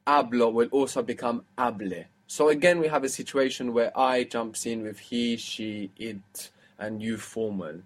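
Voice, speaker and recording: A man's voice: mid-range voice, fairly even intonation, unhurried, hardly any pauses. A man teaching a language lesson, explaining step by step and quizzing his student.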